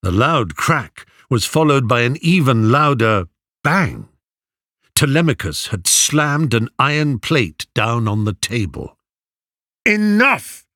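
Male narrator, slow measured pace, lively animated pitch, dry close studio sound. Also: dry recording. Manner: measured, expressive reading. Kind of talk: audiobook storytelling.

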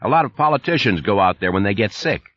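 A man voicing a groggy, gravelly middle-aged male factory manager who keeps coughing, in an audiobook reading. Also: lowish voice, expressive, fast talker, a bit bright, dry recording, highs cut off. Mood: weary puzzled.

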